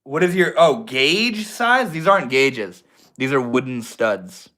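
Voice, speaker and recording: A man's voice: medium pitch, expressive, unhurried, sharp tone. A young man from Maine hosting a casual livestream, chatting in a slangy, laid-back way and answering viewers. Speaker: livestream host.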